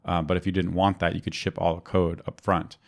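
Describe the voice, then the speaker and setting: A low-voiced man co-hosts a podcast, chatting casually about technical topics at a fairly quick pace with little pitch movement. He rambles through his points, relying heavily on fillers and restarting sentences.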